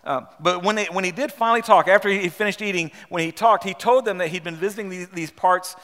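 Male preacher, fairly high and bright-toned, stop-start storytelling full of rhetorical questions, long hall reverb. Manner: halting, repeats words, asks rhetorical questions. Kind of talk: storytelling sermon with read-aloud passages.

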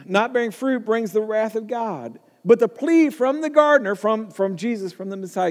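A high-voiced man preaches a sermon to his congregation, emphatic and prone to repeating words as he builds his points. His voice rings with the long reverb of a church hall. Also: normal speed, hardly any pauses. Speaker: pastor.

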